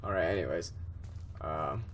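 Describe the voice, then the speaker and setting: A man's voice: deep voice, unhurried, a bit bright. A young man commentating a horror game he is playing, rambling with lots of fillers and restarts, easily startled. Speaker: gameplay commentator.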